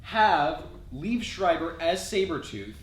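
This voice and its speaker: A man's voice: big pitch swings, slow. Enthusiastic man sharing movie trivia. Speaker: guest co-reviewer. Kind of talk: casual chat. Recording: echoey room with faint rumble.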